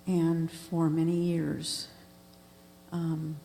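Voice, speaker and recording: Gravelly low woman speaking from the audience. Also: little pitch movement, mellow. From California. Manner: halting, sincere comment. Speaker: audience member. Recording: roomy hall with mains hum.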